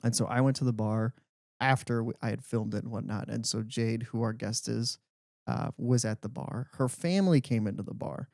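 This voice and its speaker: A young man co-hosting a podcast, telling stories in a casual, animated way with lots of "like". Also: mid-range voice, normal speed, gravelly, no room sound, clean studio sound. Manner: animated storyteller, heavy use of "like". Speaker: podcast co-host. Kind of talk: casual chat.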